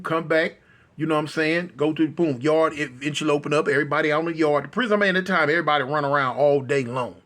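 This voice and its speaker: High, animated male storyteller. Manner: animated, rambling with many fillers and repeats. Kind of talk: casual storytelling.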